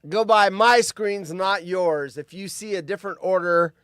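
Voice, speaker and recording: A man's voice: sits high, measured pace, fairly bright tone, smooth, dry recording, studio quality. A man in his fifties hosting a live stream, rambling, joking and reading chat aloud. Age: 50s.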